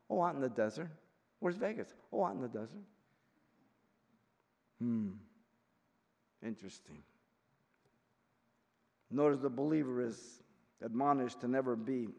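A man in his sixties teaching a verse-by-verse Bible study as pastor, emphatic, swinging from quiet explanation to loud rebuke. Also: mid-range voice. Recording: long reverb of a hall.

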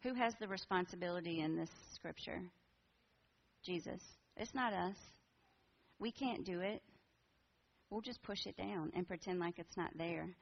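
A woman in her forties shares a personal testimony with a church group, sounding earnest and conversational. Her voice has a gravelly fry to it. The recording is dull and somewhat lo-fi. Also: fairly low pitch, normal speed, pauses often. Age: 40s. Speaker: women's ministry speaker.

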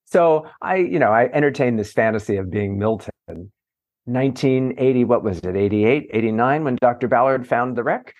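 A middle-aged man, a journalist and author, telling lively, self-mocking stories in a casual interview. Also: mid-range voice, moderate pace, dull audio. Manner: animated, self-mocking anecdotes with playful voices. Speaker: entertainment journalist and author, guest.

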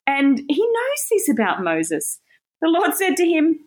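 A woman teaching the Bible in a casual sermon, animated and self-deprecating, laughing often. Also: sits high, measured pace.

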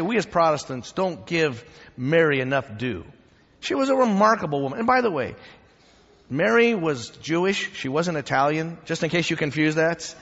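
A man preaching a sermon and teaching church history in an animated, humorous, conversational way. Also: fairly high pitch. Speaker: pastor. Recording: dull echoing hall sound.

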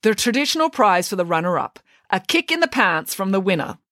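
A woman's voice: mid-range voice, big pitch swings, brisk, fairly bright tone, dry recording, studio quality, voice pushed up. A woman reading aloud, voicing a pompous older male school vice principal with formal, fussy wording.

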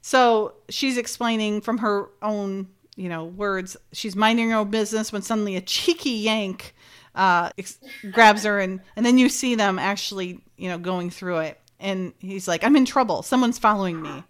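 A woman's voice: mid-range voice, steady tone, normal speed, smooth. Chatty woman recapping a TV episode. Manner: chatty, acts out dialogue, giggly. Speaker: podcast co-host. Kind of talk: casual chat recapping a TV episode.

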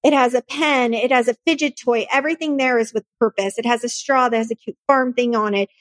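A woman with a somewhat high voice tells her own story in a podcast interview. She is earnest and emotional. The recording is dry and close, with no room sound. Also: fairly even intonation, fairly quick, no room sound. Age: adult, married. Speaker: nonprofit founder and guest.

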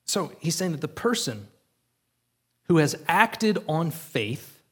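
A male pastor giving an earnest, conversational sermon and often checking in with the congregation. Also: on the high side.

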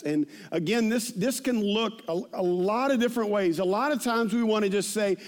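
Animated high-voiced man preaching a sermon. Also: moderate pace, few pauses. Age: 50s. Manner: animated storytelling, shouting at punchlines. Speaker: pastor.

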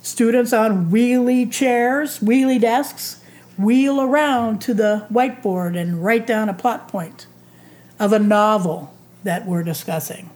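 A woman in her sixties, a retired teacher, giving a reflective talk in a thoughtful, drawn-out way. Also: fairly high pitch, darkish tone. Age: 60s. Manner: slow, thoughtful, drawn-out phrasing.

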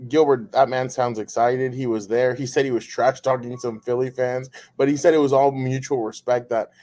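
A man's voice: medium pitch, steady tone, moderate pace, a little mellow. A man co-hosting a casual sports podcast, chatty and upbeat, often rambling. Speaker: podcast co-host.

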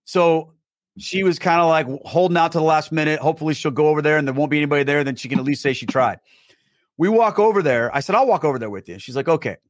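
A man telling a personal story as a podcast guest, animated, acting out the dialogue. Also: a little high, fast, dry recording, studio quality. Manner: many fillers and restarts.

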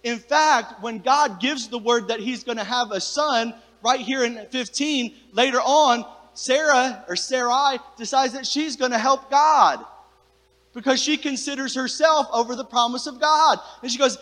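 A man's voice: very high voice, lively intonation, measured pace, fairly bright tone, long reverb tail. A male pastor preaching a sermon, talking conversationally and directly to his congregation in a church sanctuary.

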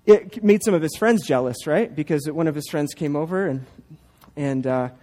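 Animated storytelling man pastor. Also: fairly high pitch, moderate pace. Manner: animated storyteller, playful asides. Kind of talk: sermon with storytelling.

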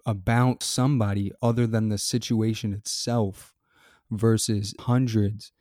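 Low, flat-voiced man giving earnest commentary. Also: no room sound, clean studio sound. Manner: earnest, measured, reads news details then gives opinion. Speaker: podcast host. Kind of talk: scripted solo commentary.

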